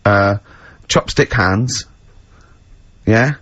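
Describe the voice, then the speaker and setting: A man's voice: drawn-out words, fairly bright tone. Hungover man spinning silly scenarios. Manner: playful, rambling, acts out silly scenarios with squeaky voices. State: hungover, unwell. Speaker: radio host. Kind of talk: comic radio banter. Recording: dull radio broadcast audio.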